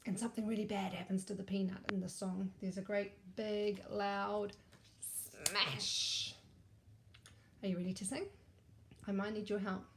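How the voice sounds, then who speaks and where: A woman teacher, reading a story aloud and leading a sing-along for young children, gentle and clear. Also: medium pitch, flat delivery, a little fast, noisy background.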